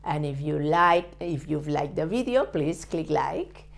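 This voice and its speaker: A woman teaching a language lesson in English, slowly saying each example word and repeating it. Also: deep voice, animated, vocal fry. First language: Spanish. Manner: models Spanish words slowly and repeats them. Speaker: Spanish teacher. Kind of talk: slow step-by-step language lesson.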